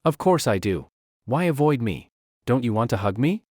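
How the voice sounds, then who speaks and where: A man's voice: mid-range voice, sing-song, moderate pace, darkish tone, no echo, studio quality. A man voicing an obsessive, lovestruck young woman with fire powers, talking in a clingy, possessive way. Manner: clingy, pleading then coldly possessive.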